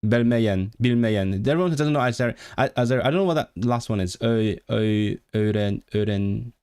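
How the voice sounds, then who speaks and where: A man's voice: fairly low pitch, normal speed, a little mellow, smooth. Stammering man sounding out words. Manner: stumbling, repeats words, sounds out foreign words. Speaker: livestream host. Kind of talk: casual livestream chat.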